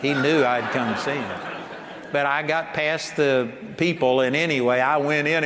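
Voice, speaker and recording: A man's voice: on the high side, normal speed, fairly bright tone. An older man preaching a sermon in an emphatic, folksy way, often laughing as he talks. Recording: long hall reverb, faint ambient noise.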